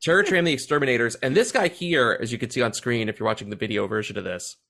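A man co-hosting a podcast, telling stories in a loose, excitable way. He swears freely and laughs often, and his pitch swings widely as he talks. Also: fast talker, gravelly. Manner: excited, profane, laughing storyteller. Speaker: podcast co-host. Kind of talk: casual chat.

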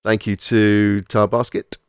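A man's voice: fairly low pitch, little pitch movement, slow, clear, resonant tone, dry recording. Dry-voiced joking male podcast host. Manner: wry, joking, rambling host patter. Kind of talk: casual movie podcast chat.

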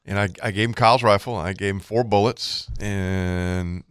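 Low-voiced guy telling a hunting story, acts out the quotes, dry close mic. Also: fairly even intonation, moderate pace, a bit bright, smooth, no room sound. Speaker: fishing show co-host. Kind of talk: casual storytelling.

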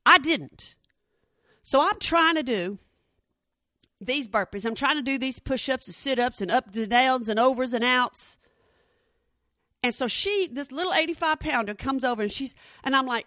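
A stand-up comedian in her forties works the crowd directly, animated as she acts out every quoted voice in her story. Her voice sits a little high and her speed is normal. A lapel mic makes it sound close and dry, with no room echo.

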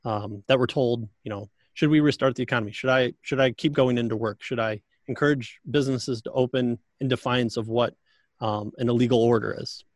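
A man talks through his views about church and society. He has a dry, close sound at a middle pitch and a halting, thoughtful delivery. He often stops and restarts while he works out his point. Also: fairly even intonation, no room sound. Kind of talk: casual conversation.

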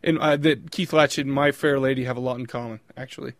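A man's voice: medium pitch, fairly even intonation, quick pace, dry recording, studio quality. A man co-hosting a podcast in casual banter, teasing and quipping with frequent laughs. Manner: playful teasing, laughs often, quips. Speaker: podcast co-host.

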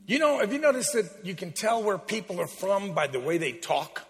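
A man's voice: high-pitched, expressive, moderate pace, a bit bright. A man, preaching a sermon as a guest speaker in a large church, joking and emphatic. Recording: long church reverb, faint music.

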